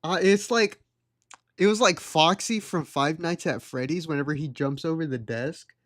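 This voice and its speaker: A man's voice: fairly high pitch, moderate pace, fairly bright tone. A young adult man streaming live, telling a rambling story and laughing at it.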